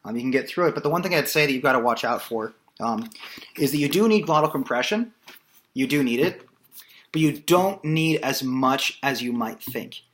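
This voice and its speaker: A male voice teacher gives a relaxed, casual singing lesson, explaining things loosely with plenty of filler words. His voice is mid-range and his speed normal.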